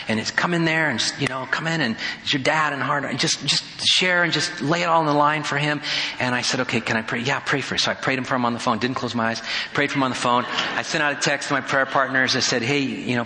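A male pastor delivers a sermon in a conversational storytelling manner, acting out dialogue as he goes. His voice is bright and forceful, carried by the long reverb of a church hall. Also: mid-range voice.

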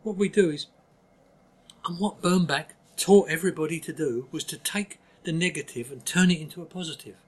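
Husky older Cockney man, blunt. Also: a little high, a little fast. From East London, England. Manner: emphatic, blunt, frequent restarts. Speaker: guest. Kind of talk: candid interview talk.

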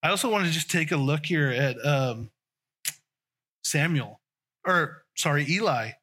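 A man's voice: fairly high pitch, expressive, a little slow, sharp tone. A man preaching a conversational sermon, often restarting and trailing off mid-sentence.

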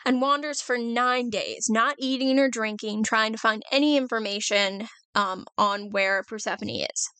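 A woman's voice: a little high, normal speed, hardly any pauses, bright, forceful tone, clear, resonant tone, dry recording. Chatty woman retelling myths. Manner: chatty, swears casually, laughs often. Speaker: podcast co-host. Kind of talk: casual mythology retelling.

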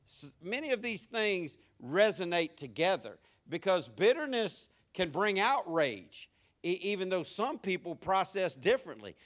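A male pastor preaching a sermon, animated, moving from soft asides to shouts. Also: high-pitched, unhurried.

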